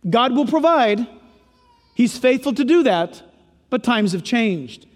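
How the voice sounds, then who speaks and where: Man, pastor, very high voice, animated humorous sermon, long hall reverb. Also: normal speed. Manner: animated, humorous preaching with playful asides. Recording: long echo of a large hall.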